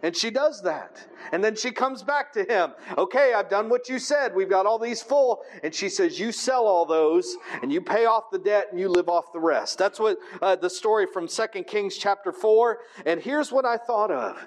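A man with a notably high voice delivers a sermon. He reads scripture aloud, then explains it in plain, conversational terms, often stopping to ask his listeners "right?". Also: animated, moderate pace, hardly any pauses. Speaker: preacher.

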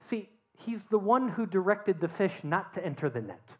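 A preacher delivers a sermon as lively storytelling, asking the congregation rhetorical questions and then sinking into near-whispered asides. The voice sits at a middling pitch and comes through a dull, muffled recording. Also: unhurried, hardly any pauses. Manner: animated storytelling with rhetorical questions, dropping to a hushed tone. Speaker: pastor.

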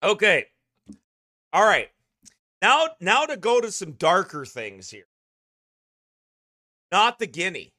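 A man's voice: high-pitched, wildly swooping pitch, slow, pauses often, bright, forceful tone, no echo, clean studio sound. A man, a pastor, chatting casually on a livestream, laughing often and in a goofy mood, his voice slightly strained.

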